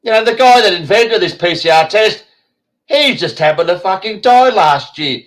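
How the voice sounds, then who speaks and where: A man's voice: high-pitched, animated, moderate pace, fairly bright tone, rough recording. An Australian man hosting an online talk show, ranting bluntly and swearing heavily. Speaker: show host.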